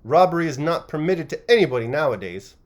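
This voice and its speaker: A man voicing a defiant, blustering male tavern keeper who shouts back at a mob, read from a storybook. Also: fairly high pitch, big pitch swings, quick pace, voice pushed up.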